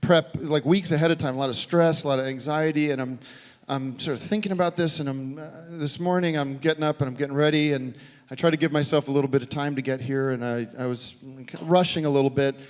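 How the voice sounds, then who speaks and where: A man doing a live stand-up comedy set, telling a long deadpan rambling story with halting restarts. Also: fairly high pitch, smooth. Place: live comedy venue with audience. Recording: live show recording with faint crowd.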